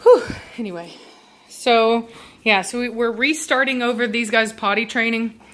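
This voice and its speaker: Her voice a touch high and fairly bright, a woman who breeds dogs gives her viewers a casual update from home at a normal pace. She sits with the dogs, rambling through many fillers, and gets stern when scolding them.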